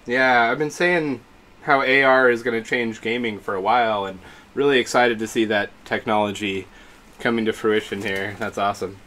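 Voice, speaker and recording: A man's voice: mid-range voice, fairly even intonation, normal speed, fairly bright tone. A man streaming live, reacting to announcements with gushing exclamations and greeting his chat viewers.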